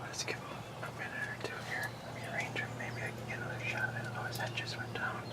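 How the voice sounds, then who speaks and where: A man hosting a hunting show, whispering excited commentary from his blind outdoors. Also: fast talker, distant mic.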